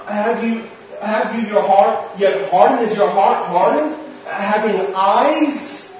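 A man with a high-sitting voice preaches a sermon, reading scripture aloud and then explaining it to listeners he calls friends. He's heard from a distance in a very echoey room, with a little hiss or hum on the recording.

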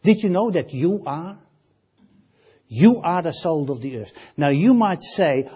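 A man preaching with a husky, higher voice that swings widely in pitch. He speaks slowly and emphatically, repeats his key phrases and asks his listeners questions. The sound is slightly dull and lo-fi. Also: animated. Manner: drops to a near hush on key lines, rises loud on others. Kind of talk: sermon.

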